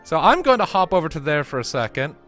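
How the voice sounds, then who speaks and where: Animated game master narrating a tabletop game. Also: medium pitch, quick pace, soft background music. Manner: animated, restarts often.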